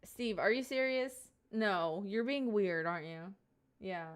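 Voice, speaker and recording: A woman's voice: medium pitch, animated, measured pace, smooth. A young woman live streamer chatting casually and playfully with her viewers, giggly and rambling, sitting at home at a desk mic.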